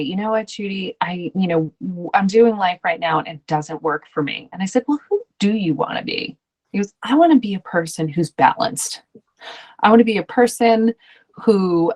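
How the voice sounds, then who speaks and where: Chatty woman coach, low-pitched. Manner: chatty, many ums and restarts, acts out quoted voices. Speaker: ADHD coach. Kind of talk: coaching talk to parents.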